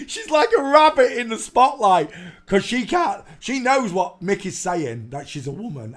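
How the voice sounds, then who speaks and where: Brief: male streamer, higher-pitched, rambling and sarcastic, laughs a lot. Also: very animated, normal speed. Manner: rambling, mocking, bursts into laughter. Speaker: live stream host. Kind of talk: casual live-stream commentary.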